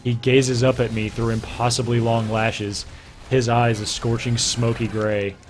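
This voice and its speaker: A young gaming streamer reads a romance novel over gameplay in a theatrical, hushed, breathy way, often cracking up laughing. His voice is mid-range and level in tone, a little slow, with faint music in the background.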